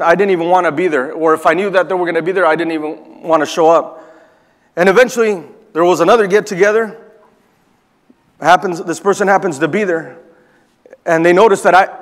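High-voiced pastor in a reverberant church. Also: male voice. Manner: storytelling, builds to emphatic preaching. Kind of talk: sermon with personal story. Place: church hall. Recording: long reverb of a church hall.

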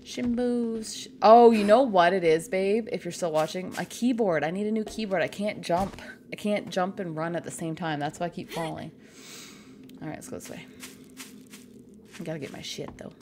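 A woman's voice: on the low side, normal speed, background noise. A woman from Canada chatting casually and making crude jokes while playing a game on a live stream.

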